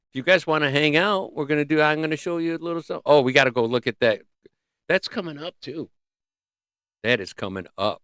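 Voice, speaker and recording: A man hosting a casual livestream, rambling and joking as he thinks out loud. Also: fairly high pitch, a little fast, clear, resonant tone, dry recording, clean studio sound. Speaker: livestream host.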